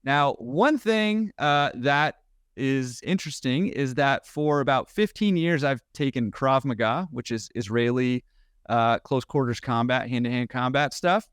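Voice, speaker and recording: A man telling a story on a podcast with quick, animated energy and a mid-range voice. The sound is dry and close. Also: medium pitch, clean tone, no room sound. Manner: animated, quick, laughing at his own story. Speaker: podcast guest. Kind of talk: casual storytelling.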